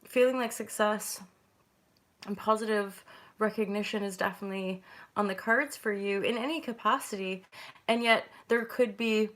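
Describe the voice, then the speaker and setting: A woman hosting a casual intuitive tarot reading, chatty and rambling, with sudden bright greetings. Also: mid-range voice, steady tone, moderate pace. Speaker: host and tarot reader.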